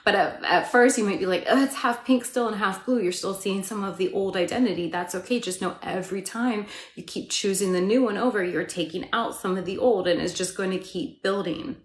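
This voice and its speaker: A woman's voice: medium pitch, a little fast, hardly any pauses. Chatty woman coach in a roomy space. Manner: chatty, lots of "like" and "right?", laughs often. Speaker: manifestation coach. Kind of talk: casual live-stream talk to viewers. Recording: roomy echo.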